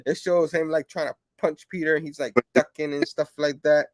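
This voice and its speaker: A man hosting a casual comic review show, rambling with lots of fillers and breaking into animated quoted bits. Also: fairly high pitch, normal speed, no echo. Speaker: comic book show host.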